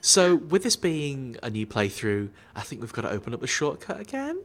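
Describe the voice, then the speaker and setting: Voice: medium pitch, wildly swooping pitch, normal speed. A co-host of a casual game stream, explaining things in a chatty, rambling way with many fillers. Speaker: let's play co-host. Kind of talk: casual gameplay commentary.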